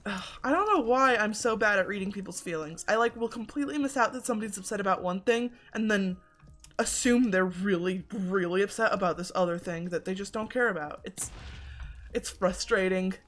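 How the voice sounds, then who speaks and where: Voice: mid-range voice, normal speed, fairly bright tone. A game streamer in casual chat while playing, rambling with lots of filler words and a self-deprecating tone, on a desk mic at home. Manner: rambling, many filler likes.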